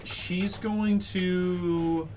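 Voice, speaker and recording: A man narrating as dungeon master in a relaxed, casual way, with plenty of fillers. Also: high-pitched, extremely slow, a little hiss or hum. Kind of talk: narrating a tabletop game.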